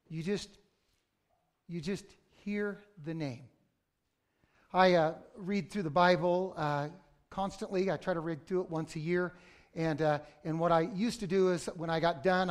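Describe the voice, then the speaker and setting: A middle-aged male pastor preaching a conversational sermon that breaks into sudden loud outbursts. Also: high-pitched.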